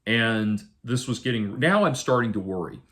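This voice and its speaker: A man casually telling a personal story in a halting way, often restarting and correcting himself. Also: mid-range voice, expressive, a bit bright.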